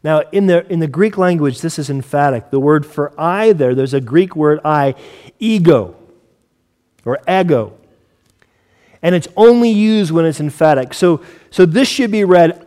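A man delivers a sermon in a somewhat higher voice, in a hall with a long echo. He moves from hushed, intimate talk to loud, emphatic scripture reading. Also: expressive, moderate pace. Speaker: pastor. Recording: long reverb of a large hall.

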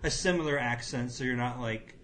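A man's voice: medium pitch, fairly quick, fairly bright tone. A man hosting a podcast, chatting casually and animatedly with lots of fillers. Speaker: podcast host.

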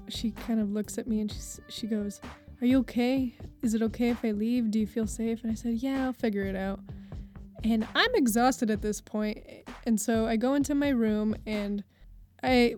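Young woman, higher voice, lively storyteller, light music under the voice. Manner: animated, acts out quoted voices, laughs through the telling. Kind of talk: casual personal storytelling.

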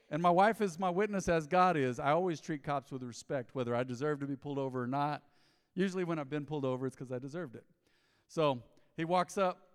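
A man preaching a sermon as pastor, telling a story in a lively way and acting out the dialogue. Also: a little high, quick pace, clear, resonant tone. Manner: storytelling, animated, acts out dialogue. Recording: long hall reverb.

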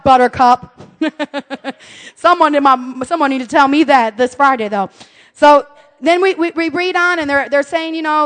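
A woman pastor preaching a humorous, conversational sermon, acting out scripture voices and her family's quarrels. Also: high-pitched. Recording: long reverb of a church hall.

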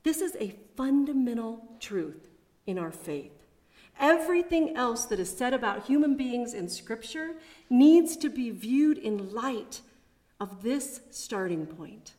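A woman preaching a sermon at a chapel, measured and reflective, with personal asides. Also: a little high, lively intonation, mellow.

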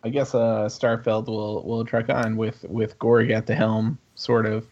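A man playing in a tabletop game, talking casually and haltingly with many restarts. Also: lowish voice, little pitch movement, a little mellow, muffled recording. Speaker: player. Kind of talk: casual game-night banter.

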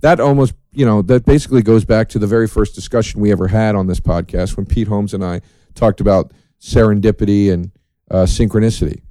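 A man hosting a solo podcast, talking in a profane, sardonic, rambling way with dark jokes. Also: on the low side, brisk, dry recording. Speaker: podcast host.

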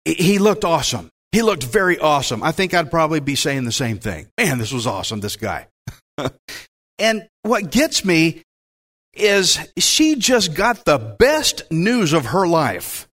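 A man's voice: a little high, very animated, a little slow, a bit bright. A man preaching a sermon, reading scripture aloud and breaking off into enthusiastic, conversational asides. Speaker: pastor.

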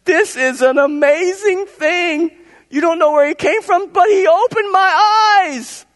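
A man's voice: a little high, normal speed, lightly acted. A man voicing a man born blind who is newly healed, speaking up with a raised, emphatic, incredulous voice. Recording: long hall reverb.

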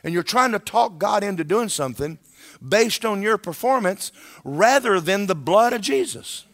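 A male preacher delivering a sermon in an emphatic, conversational manner. His voice is bright and slightly high, with a lively, swinging pitch. He often checks in with his listeners. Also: normal speed.

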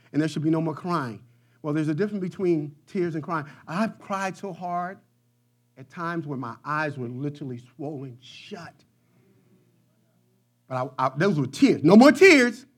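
A man preaching a sermon, dropping to quiet low passages and rising to shouted peaks, repeating phrases in rhythmic runs. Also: slightly rough.

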